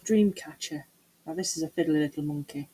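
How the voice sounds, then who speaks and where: A woman's voice: low voice, fairly quick, warm tone, husky, rough recording. A middle-aged woman chatting casually to camera while doing a resin craft, muttering to herself and teasing herself about her mess. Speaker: craft vlogger.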